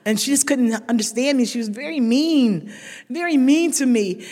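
A woman's voice: high voice, moderate pace, mellow. Woman speaker at a recovery meeting; raw, emphatic share addressed to the room; long hall reverb. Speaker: speaker sharing a recovery story.

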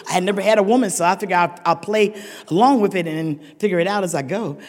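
An older woman sharing a humorous recovery story with a meeting, a lively storyteller who laughs often and rises to shouted emphasis. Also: fairly low pitch, fast. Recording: echoey hall.

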